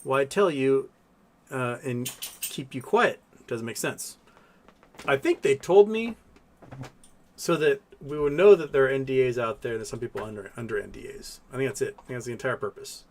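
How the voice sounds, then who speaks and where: A Texan man hosts a casual livestream, reading super chats and rambling through viewer questions while thinking aloud with many fillers. He coos softly to his cat now and then, speaking at medium pitch and normal speed.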